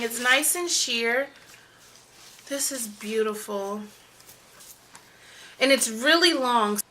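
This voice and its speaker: A young woman vlogger chatting excitedly through an unboxing, gushing with lots of "you guys" and "like". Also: sits high. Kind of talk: unboxing vlog chat.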